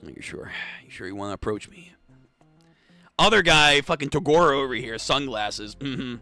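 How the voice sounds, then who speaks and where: A young adult man hosting a manga read-through, reacting excitedly, swearing and laughing often. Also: mid-range voice, moderate pace, soft background music.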